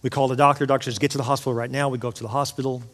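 A man's voice: mid-range voice, level tone, racing, fairly bright tone. Man preaching in a reverberant church. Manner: personal storytelling, building to emotional intensity. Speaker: pastor. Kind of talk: sermon. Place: church auditorium. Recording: long hall reverb of a church.

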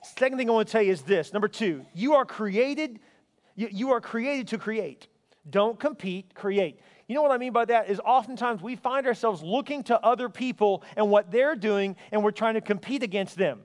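A man's voice: high-pitched, normal speed. A man preaching a sermon as pastor, conversational, repeating words and building to emphatic peaks. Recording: long hall reverb.

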